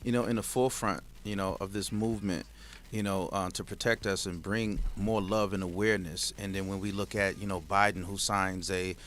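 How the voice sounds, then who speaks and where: A man from the United States hosting a casual radio talk show, talking in an animated, emphatic way with frequent restarts. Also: low voice, brisk, a little hiss or hum.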